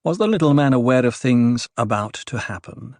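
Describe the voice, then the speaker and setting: A man narrating an audiobook in a measured, grave manner. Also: medium pitch, lively intonation, a little mellow, no room sound. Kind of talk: scripted narration.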